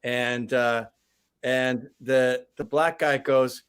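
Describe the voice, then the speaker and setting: A man in casual chat, telling a joke in a rambling, deadpan way. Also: mid-range voice, a little fast, smooth.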